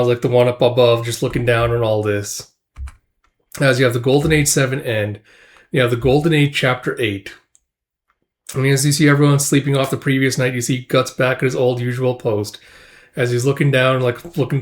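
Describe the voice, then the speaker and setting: A man's voice: medium pitch, steady tone, brisk. A man casually recapping a comic, rambling with lots of "you see" and "it's like". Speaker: manga recap host.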